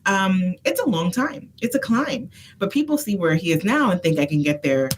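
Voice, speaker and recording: A woman's voice: medium pitch, big pitch swings, normal speed, a little hiss or hum. A woman who works as a consultant, co-hosting a casual chat and giving earnest advice. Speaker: consultant and co-host. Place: phone booth studio.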